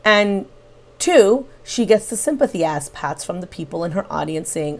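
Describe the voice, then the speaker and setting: A woman with a slightly low voice gives reaction commentary on a livestream. She builds her critique point by point in an analytical tone. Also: expressive, moderate pace, slight background noise. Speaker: reaction channel host.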